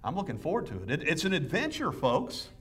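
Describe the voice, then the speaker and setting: A man's voice: on the high side, wildly swooping pitch, a little fast, a bit bright, far from the mic. A man preaching a sermon as pastor, enthusiastic and conversational, with frequent restarts. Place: church sanctuary.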